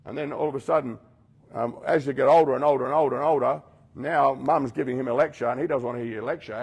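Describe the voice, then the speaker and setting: Gravelly, husky man, blunt. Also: medium pitch, fast, a little mellow. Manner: blunt, addresses listeners directly, acts out quoted voices. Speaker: rehab program leader speaking to residents. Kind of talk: confronting motivational talk.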